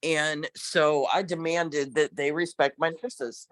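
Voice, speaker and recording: Former corrections nurse, male, tells it with punch and laughter; higher voice, dry close sound. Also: slow pace, no echo. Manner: emphatic, animated, laughs often. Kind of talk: casual storytelling in a discussion.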